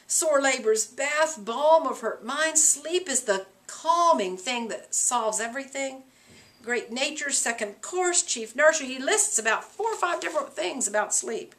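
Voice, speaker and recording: Animated, high-voiced woman teacher. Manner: animated, rhetorical, asks the class questions. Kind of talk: explaining a play to a class.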